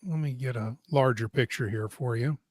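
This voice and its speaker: A man's voice: medium pitch, normal speed, dry recording, clean studio sound. A man hosting a casual live stream, chatting and reading viewer comments aloud. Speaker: host.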